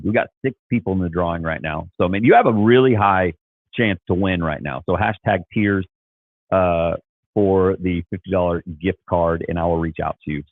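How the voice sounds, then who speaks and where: A man's voice: deep voice, no room sound. A man hosting a casual livestream with a stuffy nose, rambling with restarts and bursts of enthusiasm. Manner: rambling, frequent restarts and fillers. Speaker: livestream host. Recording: tinny phone-like sound.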